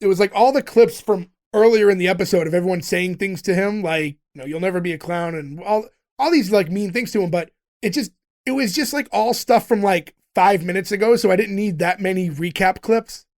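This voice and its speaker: A man with a fairly high, light voice talks through a TV episode on a casual podcast. He recaps each scene in detail and keeps laughing along the way. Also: fairly quick, darkish tone.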